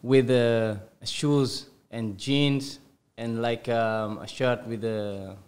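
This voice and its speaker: A man, a podcast guest telling a childhood football story in halting English with many self-corrections. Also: medium pitch, steady tone, a little mellow, clean tone. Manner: halting non-native English, lots of self-repair. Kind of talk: casual storytelling.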